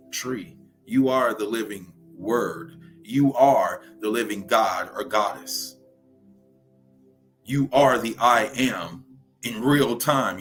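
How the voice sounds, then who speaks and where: A young Southern-accented man from Louisiana hosts a spiritual livestream, preaching in a mid-range, fairly bright voice. He often asks "right?" to check in with his viewers.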